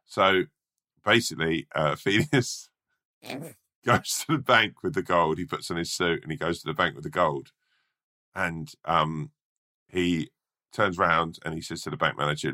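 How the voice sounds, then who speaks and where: A man's voice: a bass voice, fairly even intonation, moderate pace, bright, forceful tone. A man co-hosting a podcast, telling a rambling casual story with lots of fillers and swearing. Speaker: podcast co-host.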